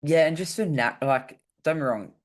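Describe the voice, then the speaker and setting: A man's voice: a little high, fairly quick. A man, a fighter talking in a casual chat, rambling with many fillers. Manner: rambling, heavy use of "like" fillers. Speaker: MMA fighter guest.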